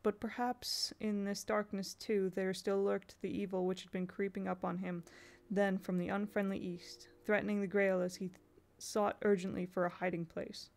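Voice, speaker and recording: A woman's voice: medium pitch, little pitch movement, moderate pace, few pauses, a little mellow. A woman reading a novel aloud in a casual way, now and then stopping to correct herself. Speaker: audiobook reader.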